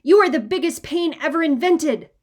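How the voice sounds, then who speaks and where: A woman voicing a fed-up older brother in a storybook reading, yelling and indignant. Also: on the high side, lively intonation, normal speed. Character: angry, fed-up older boy.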